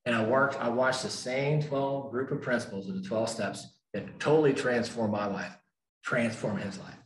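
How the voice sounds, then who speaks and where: A man's voice: medium pitch, fairly even intonation, normal speed. An older man speaking at a recovery meeting, telling his story emphatically and repeating key lines for effect. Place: meeting room. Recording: echoey room.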